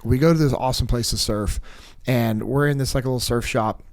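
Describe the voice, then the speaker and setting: A man's voice: mid-range voice, a little fast, no echo. A man telling a personal story in casual podcast chat, acting out what people said, with plenty of fillers. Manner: animated storyteller, acts out quotes, many fillers. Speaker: podcast guest. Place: podcast studio.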